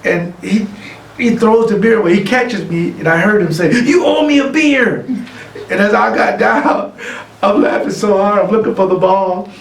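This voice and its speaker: A middle-aged man giving an award acceptance speech, telling a lively anecdote and acting out other people's lines. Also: high-pitched, normal speed, vocal fry. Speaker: award honoree. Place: room, recorded for a virtual gala. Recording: echoey room, distant mic, faint noise.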